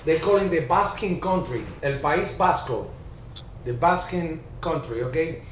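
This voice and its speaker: A man with a Cuban Spanish accent hosting a ham radio video call in casual chat, with an animated, playful manner. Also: fairly high pitch, moderate pace. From Cuba. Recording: echoey room with faint hiss.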